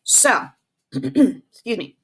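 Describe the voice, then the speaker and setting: A woman's voice: fairly low pitch, animated, drawn-out words, fairly bright tone, slightly rough. A young woman teacher giving a patient, sing-song phonics lesson to young children, calling out sounds for them to repeat.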